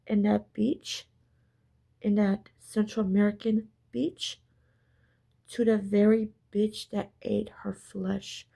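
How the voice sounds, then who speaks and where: A woman's voice: medium pitch, little pitch movement, slow pace, gravelly, a little mellow. A woman talking straight to her viewers in a casual story-time monologue, intense and emphatic, repeating herself and swearing. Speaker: spiritual storyteller.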